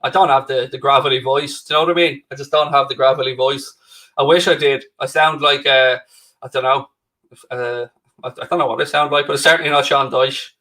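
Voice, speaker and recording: Man, Irish accent, casual stream banter, teasing, sarcastic, bright tone. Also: mid-range voice, fairly even intonation, fairly quick. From Ireland. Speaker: co-host of football watchalong stream. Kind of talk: casual live-stream chat.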